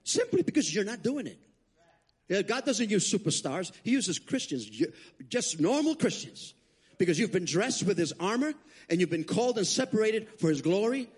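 Guest preacher, man, slightly husky and on the high side, lively storyteller. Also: normal speed. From Puerto Rico. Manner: animated, acts out quotes with big pitch jumps. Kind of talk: storytelling sermon. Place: church sanctuary.

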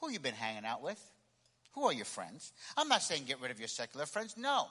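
Guy preaching in a church, bright sharp voice, big hall echo, keeps repeating his points. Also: mid-range voice, wildly swooping pitch, brisk, slightly rough. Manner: emphatic, repeats key phrases, calls for congregation responses. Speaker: pastor. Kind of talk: sermon. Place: church sanctuary.

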